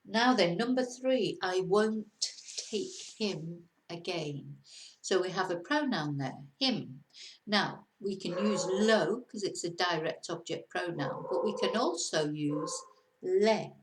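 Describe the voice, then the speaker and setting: A woman's voice: fairly low pitch, lively intonation, takes it slowly, noisy background. A woman teaching a casual video lesson, chatty and encouraging, now and then laughing at herself. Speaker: Spanish teacher. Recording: roomy echo.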